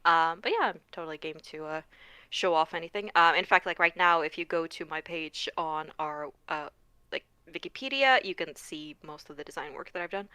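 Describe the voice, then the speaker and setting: Woman from Canada, bright clear voice, dry close sound, casual stream chat, lots of ums. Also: deep voice, fairly quick, no echo. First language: not English. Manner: chatty and laughing, many fillers. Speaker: modding stream guest.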